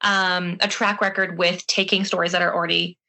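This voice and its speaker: A woman's voice: lowish voice, little pitch movement, brisk, creaky, pushed and bright. A young adult woman co-hosting a podcast, earnest and thinking aloud with many "um"s. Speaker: podcast co-host. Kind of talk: casual chat.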